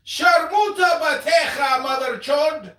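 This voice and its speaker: A crude, boastful maharaja, put on by a man in a put-on Indian accent, pitched very high and constantly taunting. The sound is roomy and heard from a distance, like a prank-call broadcast. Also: slow pace, pushed and bright, heavily acted. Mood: shouting. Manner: taunting, profane insults.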